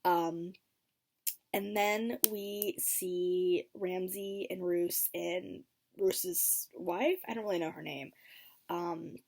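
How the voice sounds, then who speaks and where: A woman casually recapping a TV episode for her vlog. She talks in an expressive, chatty way with frequent ums and likes, swinging between lively bursts and low muttered asides. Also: very slow, vocal fry. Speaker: TV episode reaction vlogger.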